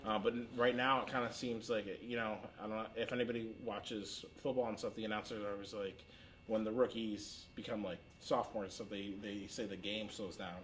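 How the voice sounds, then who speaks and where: A man's voice: lowish voice, steady tone, fairly quick, fairly bright tone, slight background noise. A man co-hosting a casual podcast about his café, talking candidly and chattily, with frequent restarts and the odd swear word. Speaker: podcast co-host, café owner. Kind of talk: casual chat. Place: their café storefront.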